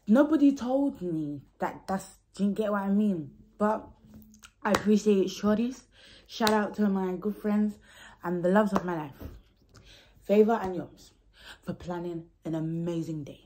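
Relaxed chatty woman of 21. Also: mid-range voice, unhurried, slight background noise. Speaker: vlogger, birthday girl. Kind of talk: casual vlog chat.

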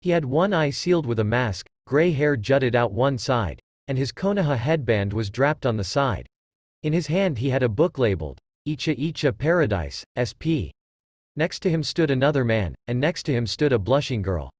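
A man reads a fan story aloud in a casual, animated way, his pitch moving a lot around a mid-range voice. The recording is dry and close with no room sound. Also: normal speed, no echo. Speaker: narrator.

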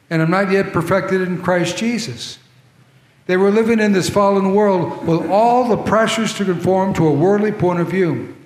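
In a large church sanctuary, a male pastor preaches a conversational sermon, tossing asides to the congregation. His voice sits high, with slight background noise. The hall's long reverb and a troublesome handheld or body mic color the sound.

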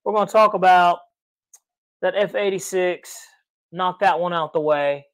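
A man's voice: sits high, a little slow, a bit bright, no echo. A man co-hosting a casual live podcast, upbeat and chatty, greeting viewers by name and laughing easily. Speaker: podcast co-host.

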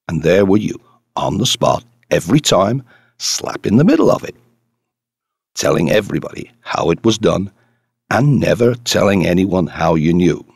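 A man's voice: deep voice, gravelly, slightly rough, no room sound, clean studio sound, full character voice. A man reading the part of a brash, talkative male journalist in an audiobook, eager and insistent.

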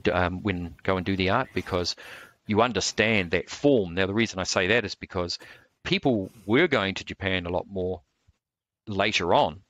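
A man, telling stories in a relaxed interview, rambling with lots of fillers and restarts. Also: low voice, normal speed, no room sound. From New Zealand. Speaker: martial arts instructor.

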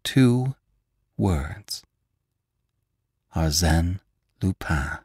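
Guy reading a classic story aloud, lowish voice that swings up and down a lot, dry close mic. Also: very slow, husky, dry recording. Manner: expressive, voices characters with raised pitch. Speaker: podcast host and audiobook narrator. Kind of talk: scripted audiobook narration.

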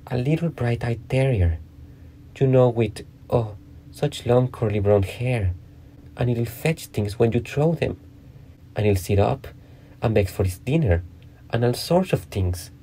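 A man's voice: fairly low pitch, expressive, normal speed, dark tone, slight background noise. A man reading aloud, voicing a curious, polite young girl who chatters primly, half to herself. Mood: chattering. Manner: prim, fussy, talks half to herself.

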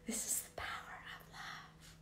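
A woman telling a personal story in an earnest way, often falling to a near whisper and pressing hard on key words. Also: sharp tone. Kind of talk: personal story told to viewers. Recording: echoey room, faint background noise.

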